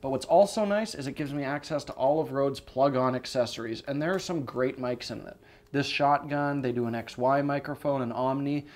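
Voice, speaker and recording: A man's voice: mid-range voice, fairly quick. A man co-hosting and editing a camera review show, talking gear with tipsy enthusiasm. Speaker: co-host and editor. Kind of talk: casual product review banter.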